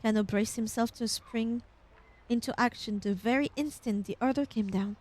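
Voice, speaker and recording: A young woman streamer reading a game's text aloud with expressive narration and casual asides. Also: a little high, normal speed.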